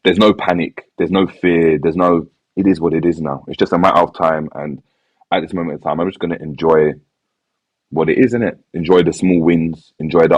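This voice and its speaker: A man's voice: deep voice, steady tone, a little fast, no echo, highs cut off. A man in a casual podcast chat, talking in a laid-back, resigned way with heavy slang and repeated phrases. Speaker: football fan panelist.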